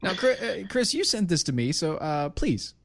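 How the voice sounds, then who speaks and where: A man's voice: high-pitched, very animated, moderate pace. A man hosting a casual chat show, playfully teasing and interrupting his co-host. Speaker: podcast host.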